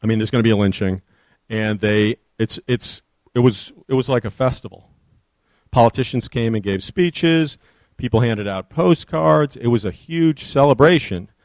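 A man's voice: mid-range voice, normal speed, a little mellow, no room sound. A man, an author, giving a public history talk with earnest storytelling and audience questions.

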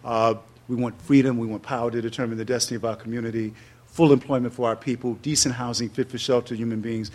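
Animated New man in his sixties. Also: quick pace. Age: 60s. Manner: lively storyteller, acts out quotes with sudden loud high bursts. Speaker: interview guest. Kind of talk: animated personal storytelling.

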